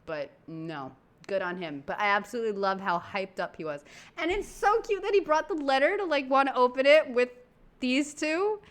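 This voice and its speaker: A woman talks with a bright, forceful tone, animated and full of casual slang. She tells stories to the camera as a reaction host in a relaxed, chatty way. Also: high voice, normal speed. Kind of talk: casual chat.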